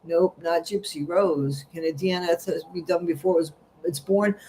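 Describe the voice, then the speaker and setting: A man's voice: on the high side, steady tone, moderate pace, a little mellow. A middle-aged man hosts a casual livestream, reading out viewer comments and gossiping in a rambling, chatty way. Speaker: livestream host.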